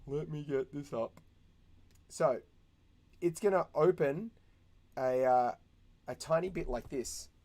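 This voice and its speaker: A man's voice: a little high, slow, long pauses, mellow. Chatty man teaching animation. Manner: chatty, thinking aloud, makes mouth sound effects. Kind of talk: casual screen-recorded tutorial.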